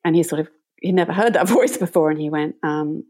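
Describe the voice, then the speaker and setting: A woman meditation teacher, a guest in an interview, telling a story in a gentle and reflective way. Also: fairly low pitch, quick pace.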